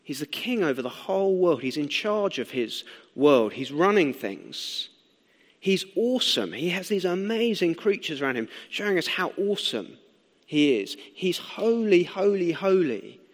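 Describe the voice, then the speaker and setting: A young man preaching a sermon in a conversational, animated way, asking the listeners questions as he explains and tells stories. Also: sits high, a little slow. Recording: long hall reverb.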